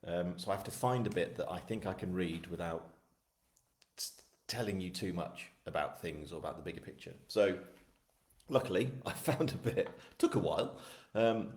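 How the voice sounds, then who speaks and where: A man's voice: low-pitched, normal speed, a little mellow. A man from England hosting a live book launch, chatting casually with viewers in a rambling, self-deprecating way. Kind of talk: casual live-stream chat. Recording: echoey room.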